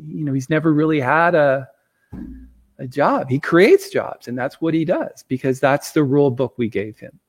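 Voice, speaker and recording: Middle-aged man, guest on a talk show, lively storyteller, slightly high voice. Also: normal speed. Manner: animated storyteller, acts out quotes.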